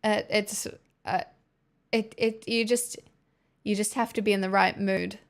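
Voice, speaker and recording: Australian woman streamer, gravelly fry in the voice, casual chat replying to viewers. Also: medium pitch, little pitch movement, unhurried. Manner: chatty, answers chat messages, rambling restarts. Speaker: livestreamer.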